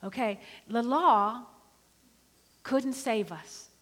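A middle-aged woman preaching a sermon in an animated, conversational way, often calling for the congregation to respond. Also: a little high, very slow. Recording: reverberant hall.

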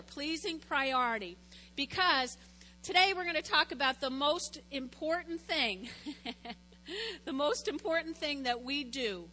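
A woman pastor preaching a sermon to her congregation, telling a family story in an animated way, with acted quotes. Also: sits high, big-room sound.

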